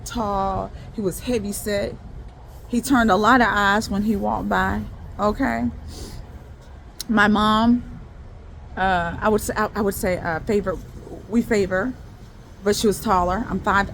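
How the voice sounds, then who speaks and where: A woman's voice: medium pitch, slight background noise. Woman rambling through a personal testimony. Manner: rambling, with many restarts and repeated words. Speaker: faith video creator. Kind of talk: personal testimony, casual talk to viewers.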